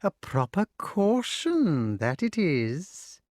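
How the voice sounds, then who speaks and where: A high, relishing old witch, put on by a male audiobook reader. She swings up and down in pitch and lingers slowly over her words. The recording is dry and close. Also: sing-song, darkish tone, no room sound, heavily acted. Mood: gloating. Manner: drawn-out, relishing, sing-song. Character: cruel greedy old witch, gloating cook. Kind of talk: audiobook character voice.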